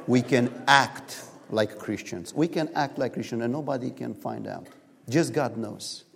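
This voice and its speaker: A man preaching a sermon in a church, telling stories in animated, non-native English, recorded in a reverberant hall. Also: mid-range voice, a little slow, creaky. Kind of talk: sermon with storytelling.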